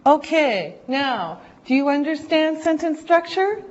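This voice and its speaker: A woman teaching an English class, speaking slowly and deliberately and drawing out words for her learners. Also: sits high, sing-song. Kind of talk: slow classroom instruction. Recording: dull lo-fi classroom recording.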